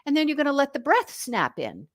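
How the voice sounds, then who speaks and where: A woman voice coach on a video call from her home office, talking in an animated, demonstrative coaching way. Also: sits high, a little fast, dry recording, clean studio sound. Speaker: voice and speech coach. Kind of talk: casual video chat.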